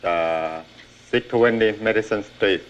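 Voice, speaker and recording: A terse delivery worker with a strong accent who answers in a low, flat voice. He pauses awkwardly between short replies. The sound is dull and lo-fi, like an old film soundtrack.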